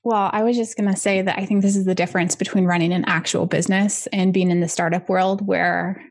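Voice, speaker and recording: Thoughtful low-voiced woman co-host. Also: little pitch movement, brisk. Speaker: podcast co-host. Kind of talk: casual podcast conversation.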